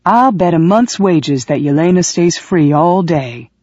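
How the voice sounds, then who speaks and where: Reader giving voice to a gruff male head cook who is blunt and orders people about in short plain lines. The sound is close and dry, a little dull, like a simple home-studio audiobook. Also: fairly high pitch, lively intonation, measured pace, darkish tone, no room sound. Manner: blunt, commanding.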